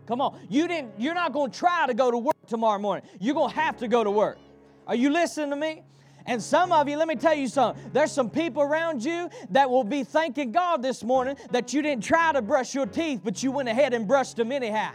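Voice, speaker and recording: A man's voice: very high-pitched, lively intonation, normal speed, soft background music. A man preaching a sermon to his congregation, calling for responses and repeating phrases in a rhythmic delivery. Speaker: pastor. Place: church.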